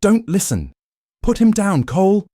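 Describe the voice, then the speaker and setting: A man voicing a loyal, hot-headed male police partner in an audio story, urgent and loud. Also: low-pitched, moderate pace, no echo, clean studio sound. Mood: shouting. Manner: shouting, urgent.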